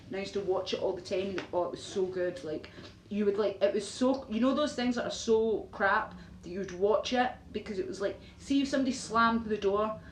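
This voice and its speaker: A Glaswegian woman live-streaming, chatting to viewers in a rambling, filler-heavy way with frequent laughs. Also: mid-range voice. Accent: Glaswegian Scottish. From Scotland. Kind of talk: casual live-stream chat answering viewers. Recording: roomy echo with faint noise.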